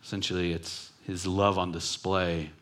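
A man preaching a sermon in an earnest way, often dropping to a soft hush on key words. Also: sits low, flat delivery, moderate pace. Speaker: pastor.

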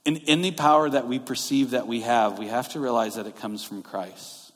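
A man's voice: mid-range voice, steady tone, normal speed. Man preaching in a reverberant hall. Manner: conversational, explaining scripture verse by verse. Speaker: pastor. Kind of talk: sermon. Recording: long reverb of a large hall.

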